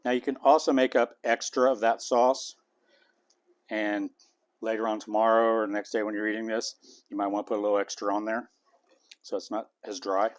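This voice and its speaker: A man's voice: fairly low pitch, little pitch movement, a little fast. A man hosting a home cooking video, chatting casually and tasting as he goes. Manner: homey, chatty, talks while eating. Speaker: cooking channel host.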